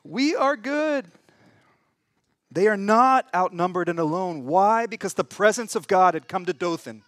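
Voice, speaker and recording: High-voiced pastor telling a story. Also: male voice, moderate pace, fairly bright tone, dry recording, clean studio sound. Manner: dramatic storytelling with wide swings in pitch and volume; conversational asides and humor. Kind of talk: sermon. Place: church.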